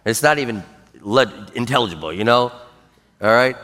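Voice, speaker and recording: A man preaching a sermon as pastor, emphatic, dropping into low grumbles when acting out what people mutter. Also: animated, moderate pace, fairly bright tone. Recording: long reverb in a large hall.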